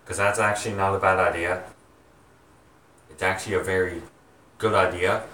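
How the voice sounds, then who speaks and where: Young man, halting casual chat, echoey room, faint hiss. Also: sits low, steady tone, pushed and bright, distant mic. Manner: halting, many ums and restarts. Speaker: vlogger, home haunt maker. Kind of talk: rambling casual chat to viewers.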